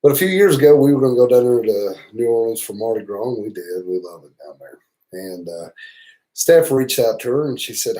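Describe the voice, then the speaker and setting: This motorcycle travel channel host talks a little fast in an expressive, warm, medium-pitched voice, captured on a low-quality recording. With his Southern US accent, he's livestreaming, casually spinning rambling stories full of profanity and teasing.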